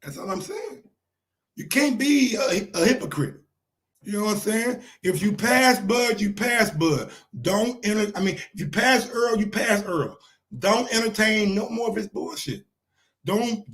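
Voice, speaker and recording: Male sports host, very high voice, heated, shouty, repeats lines for emphasis. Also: lively intonation, unhurried. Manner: heated, repetitive, frequently shouting. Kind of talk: animated sports commentary.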